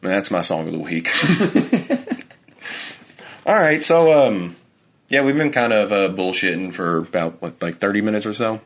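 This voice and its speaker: A man's voice: on the low side, animated, measured pace, pauses often. A young adult man co-hosting a podcast, telling a story in casual chat with heavy swearing. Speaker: podcast co-host.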